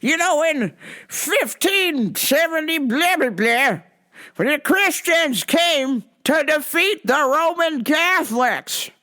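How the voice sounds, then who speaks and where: A woman's voice: sits high, expressive, slow pace, sharp tone, voice pushed up, full character voice. Woman doing a pushy preaching man. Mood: lecturing. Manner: insistent, lecturing, repeats himself. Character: preachy pushy male customer, self-righteous.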